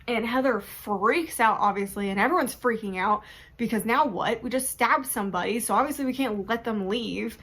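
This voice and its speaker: Chatty, animated woman reviewing a book. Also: on the high side, moderate pace, husky. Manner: chatty, animated, laughs often, acts out reactions. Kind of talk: casual chat.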